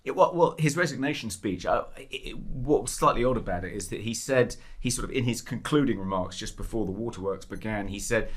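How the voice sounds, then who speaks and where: A man co-hosting a political podcast in a studio, sardonic and halting, full of ums. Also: fairly low pitch. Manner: hesitant and sardonic, lots of ums, mocking quotes. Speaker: podcast co-host. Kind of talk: casual political chat.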